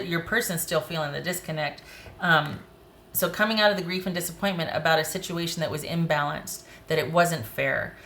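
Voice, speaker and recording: A woman with a low-pitched voice reads tarot cards casually to camera. She is blunt and animated and speaks straight to the viewer. A faint hiss sits under the recording. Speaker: tarot reader.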